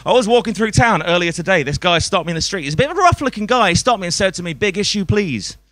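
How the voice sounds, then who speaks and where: A man's voice: high voice, expressive, racing, fairly bright tone, dry recording. A man doing a stand-up comedy set on a club stage, swearing a lot and chuckling at his own jokes.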